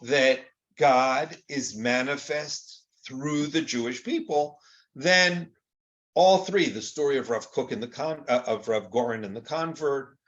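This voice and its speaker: A man's voice: medium pitch, measured pace, fairly bright tone, muffled recording. An older man teaching Torah in an informal, conversational lecture, often acting out quoted exchanges with rhetorical rises.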